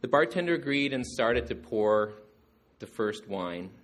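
Lively man telling family stories. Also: medium pitch, a little slow. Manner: animated, acting out jokes. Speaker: storyteller remembering his father. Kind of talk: storytelling to a gathering.

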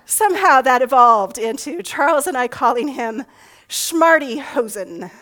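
A woman's voice: sits high, fairly bright tone, rough recording. A middle-aged woman pastor giving a sermon in a conversational way, often asking rhetorical questions.

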